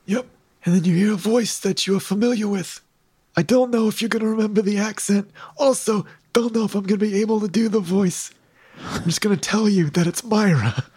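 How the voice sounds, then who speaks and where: A man's voice: high-pitched, a little fast, a little mellow, breathy edge, dry recording. A man narrating a tabletop game as game master, playful and teasing with his players.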